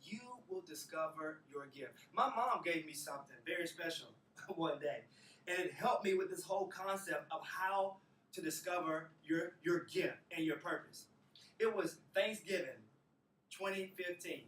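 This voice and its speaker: High, bright Southern man speaking in a hall. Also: normal speed, a little hiss or hum. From Alabama, US. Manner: preacher-like cadence with emphatic repetitions. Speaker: motivational speaker. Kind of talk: motivational talk to students. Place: university auditorium. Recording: roomy hall, picked up from a distance.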